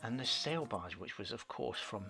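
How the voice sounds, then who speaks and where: A man's voice: mid-range voice, expressive, moderate pace, gravelly, over music. A man co-hosting a podcast, chatting casually and boasting playfully about his fandom. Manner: playful, boasting fan banter. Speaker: podcast co-host. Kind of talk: casual chat.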